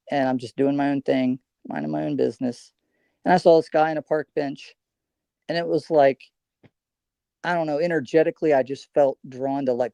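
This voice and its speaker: A man's voice: mid-range voice, vocal fry, dark tone, dry recording. A man on a livestream panel, talking in a rambling, storytelling way full of restarts. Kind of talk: casual panel chat.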